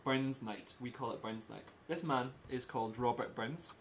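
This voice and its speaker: A Scottish man giving a casual talk to a small group, in simple slow words and laughing often. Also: mid-range voice, a little hiss or hum. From Scotland. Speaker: presenter giving a talk about Scotland.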